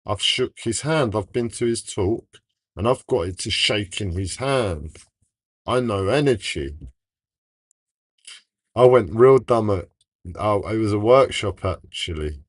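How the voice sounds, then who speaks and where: Deep-voiced man telling a rambling story. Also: lively intonation, unhurried, pauses often, no echo. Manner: emotional, rambling, self-interrupting. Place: home, livestream.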